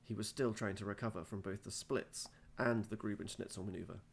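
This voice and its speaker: Gravelly man reading a storybook. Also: fairly low pitch, steady tone, a little fast, slight background noise. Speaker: teacher reading aloud. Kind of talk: storybook read-aloud.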